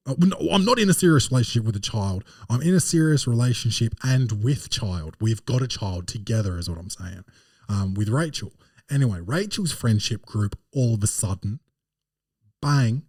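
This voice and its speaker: A man's voice: mid-range voice, warm tone, no room sound, studio quality. A man with an Australian accent, hosting a podcast and telling a rambling, slangy, digressive story as comedic review. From Adelaide, Australia. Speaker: podcast host.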